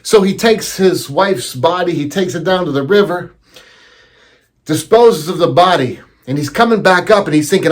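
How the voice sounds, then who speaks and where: A man telling a teaching story as a lesson, animated and acting out the voices he quotes. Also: high-pitched, moderate pace.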